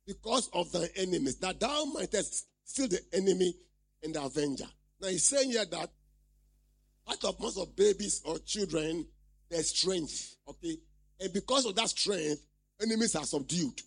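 Guy preaching, high and gravelly, keeps asking the crowd "what?" and answering himself. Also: lively intonation, normal speed. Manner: call-and-response, repeating questions to the congregation; reads scripture aloud and explains it. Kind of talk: sermon.

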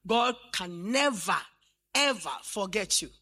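Bright, fervent woman preaching in her fifties. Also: mid-range voice, expressive, slow, breathy edge. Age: 50s. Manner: fervent preaching, rising to shouts. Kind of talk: sermon. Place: church.

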